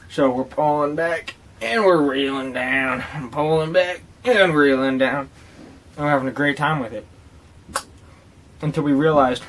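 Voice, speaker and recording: Rambling, profane man telling stories. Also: medium pitch. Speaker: tobacco dip reviewer. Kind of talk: casual vlog storytelling.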